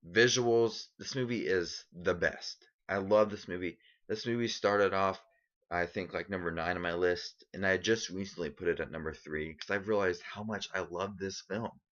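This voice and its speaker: Deep-voiced young man, rambling vlog. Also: fairly bright tone, dull audio. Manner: enthusiastic, rambling with many ums. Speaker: movie vlogger. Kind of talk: casual movie countdown vlog.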